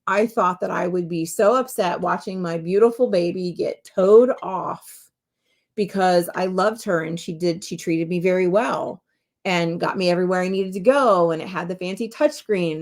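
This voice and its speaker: A woman hosts her own podcast, speaking from her home office in a low, gravelly voice with plenty of vocal fry. She tells a personal story in an earnest, candid, heartfelt manner. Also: moderate pace. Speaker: podcast host and medium.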